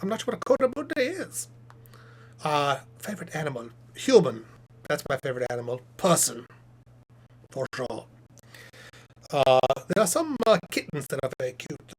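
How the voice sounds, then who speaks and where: A man voicing a chatty, self-satisfied male puppet professor who hosts a live stream, reading chat questions aloud and rambling through them with deadpan jokes. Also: a little high, normal speed, long pauses, slightly rough, full character voice.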